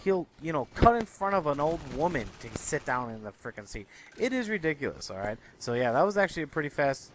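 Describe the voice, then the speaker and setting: Profane ranting man, fast and high. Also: slight background noise. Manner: profane, exasperated, animated ranting. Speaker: commentary vlogger. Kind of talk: ranting storytelling monologue. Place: Chicago area.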